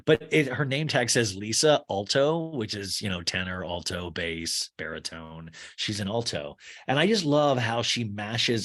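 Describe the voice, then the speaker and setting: A man's voice: a little slow, few pauses. A man hosting a podcast in a casual recap, talking with a voice worn from hours of chatting. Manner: animated, jumps into high mocking voices for quotes. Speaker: podcast host. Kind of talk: casual recap with acted quotes.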